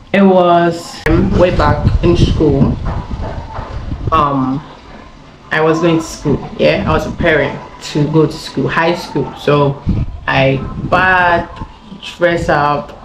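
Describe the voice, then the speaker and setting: A woman's voice: low voice, extremely slow, pauses often, background noise. A young woman from Ghana, a YouTuber telling a casual story-time tale, chatty and rambling with many fillers and laughs. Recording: echoey room with faint ambience.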